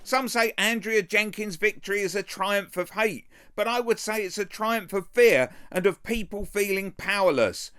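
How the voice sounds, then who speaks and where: A man's voice: high voice, normal speed, hardly any pauses, sharp tone, smooth. A man hosting a political video channel, commenting on a clip in a sarcastic, mocking way.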